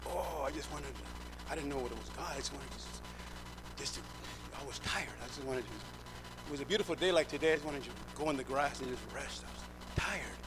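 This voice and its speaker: Speaking quickly in a mid-range voice, a middle-aged man delivers a sermon testimony, dramatizing the conversations as an emphatic storyteller. A clear background hum is audible.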